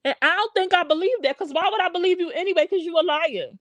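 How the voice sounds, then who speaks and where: A woman's voice: very high-pitched, quick pace, no room sound. A woman hosting a casual drama commentary livestream, talking bluntly and with animation, and repeating her points as she calls someone out. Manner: blunt, animated calling-out with repetition. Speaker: livestream host. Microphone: streaming microphone.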